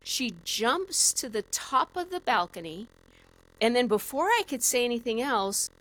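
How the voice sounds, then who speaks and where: A woman guest on a podcast, telling a story in a lively, animated way with lots of "like" fillers. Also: mid-range voice, low-quality recording. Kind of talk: casual storytelling.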